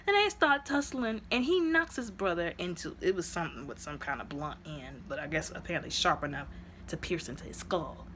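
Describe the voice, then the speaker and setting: A woman's voice: lowish voice, animated, brisk, noisy background. A woman reviewing a movie in a casual, chatty retelling, full of fillers, who acts out the characters' lines.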